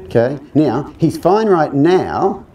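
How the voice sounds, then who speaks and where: A man's voice: on the high side, animated, slow, warm tone. A male horse trainer giving a live clinic talk, conversational and joking, often putting questions to the audience.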